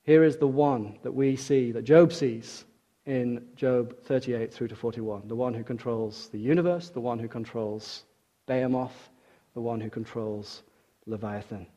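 A man preaching a sermon, retelling stories with dramatic shifts between loud outbursts and hushed lines. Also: medium pitch, measured pace, lo-fi sound. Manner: dramatic storytelling, acting out quoted voices.

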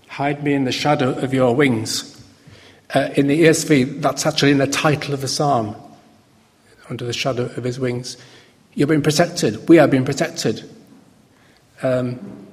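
A man preaching a sermon in a relaxed, conversational way, often pausing and restarting his sentences. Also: mid-range voice. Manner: conversational, halting with fillers and restarts. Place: church hall. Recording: long hall reverb.

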